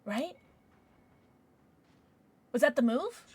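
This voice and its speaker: A woman streamer chatting casually while playing chess, excitable and giggly, with squeals and hushed mutters. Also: high-pitched, drawn-out words, dry recording.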